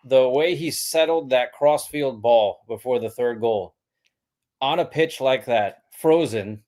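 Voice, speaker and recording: A man's voice: mid-range voice, slow, a little mellow. A man co-hosting a casual football podcast, talking analytically and often checking in with "right?". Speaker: podcast co-host.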